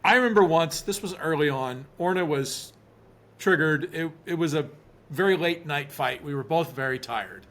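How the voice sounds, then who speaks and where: A man's voice: fairly high pitch, normal speed, fairly bright tone. A man, a relationship expert guest, telling a personal story earnestly in an interview. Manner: earnest, repeats words when starting.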